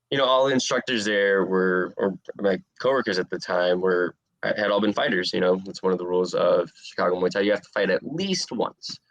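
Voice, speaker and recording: Young guy w a deep voice, laid back rambly chat, dry close sound. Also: no room sound. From USA. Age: 20s. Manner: relaxed, rambling storytelling with many fillers. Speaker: interviewed fighter. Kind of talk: casual interview answers.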